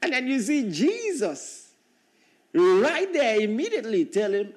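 Preacher, male, from Africa, high voice, emphatic, repeats lines for weight. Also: very animated, measured pace. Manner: emphatic, repeats key phrases for stress. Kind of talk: sermon.

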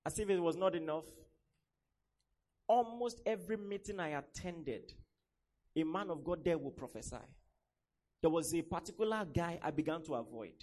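A man's voice: on the high side, moderate pace, pauses often. A young man preaching a sermon, telling stories and acting out the voices of the people in them. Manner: animated storytelling, acts out quoted voices.

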